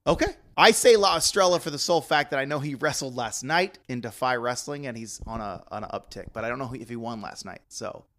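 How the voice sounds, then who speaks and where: A man co-hosting a podcast in casual, rambling chat, often breaking into high laughs. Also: a little fast, hardly any pauses, fairly bright tone. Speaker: podcast co-host.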